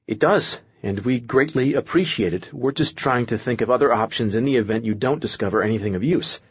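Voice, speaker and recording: A man's voice: mid-range voice, fairly quick, slightly rough, no echo, lo-fi sound. Man voicing an anxious young leader. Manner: nervous, rambling.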